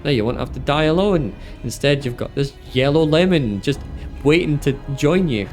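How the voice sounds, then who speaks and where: A man voicing a scornful, rough male thug, reading game dialogue aloud in a hammy, sneering voice over game music. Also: fairly high pitch, animated, moderate pace, darkish tone, pitched above the performer's own voice, natural voice. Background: video game music.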